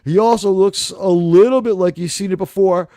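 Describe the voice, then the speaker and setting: A man's voice: high-pitched, normal speed, mellow, no echo, studio quality. A man hosting a live talk show, rambling through casual, sarcastic, profane commentary.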